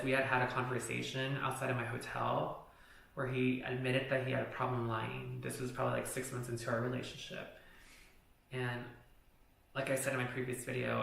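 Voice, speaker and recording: A man's voice: mid-range voice, creaky, pushed and bright. A man vlogging a personal story in casual, rambling talk, swearing often and saying "like" a lot. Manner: profane, rambling, heavy use of "like". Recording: echoey room.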